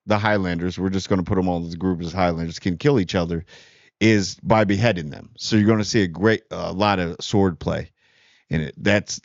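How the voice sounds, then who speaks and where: A man's voice: sits low, no echo. A man hosting a movie channel, talking casually and rambling, often restarting and correcting himself mid-sentence. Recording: dull lo-fi dry sound.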